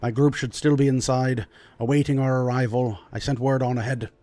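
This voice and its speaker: A man's voice: fairly even intonation, a little fast, dark tone, dry recording, natural voice. A man voicing a proud, commanding middle-aged male dwarf lord who speaks grandly in a tabletop game. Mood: hearty. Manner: pompous, booming and grand.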